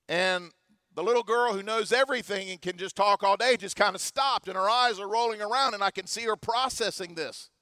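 A man, a pastor in his forties, preaching a sermon in church, earnest and moving between soft and emphatic delivery. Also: high voice, moderate pace, dry recording, studio quality. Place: church service.

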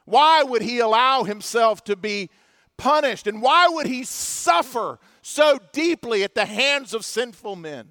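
A man preaching a sermon with passion, swinging between loud emphasis and hushed, solemn moments. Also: extremely high pitch, expressive, slow pace, no room sound, studio quality. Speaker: pastor.

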